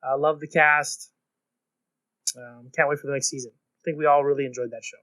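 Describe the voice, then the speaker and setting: A man's voice: on the high side, steady tone, brisk, sharp tone, dry recording. A young man co-hosting a podcast, chatting casually in a laid-back, hesitant way with many ums. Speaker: podcast co-host. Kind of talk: casual chat.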